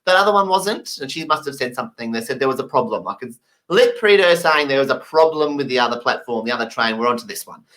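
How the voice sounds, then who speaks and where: A man's voice: medium pitch, lively intonation, fast, a bit bright, rough recording. A man from England, doing stand-up storytelling and acting out the voices of the people in his anecdotes. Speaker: stand-up comedian.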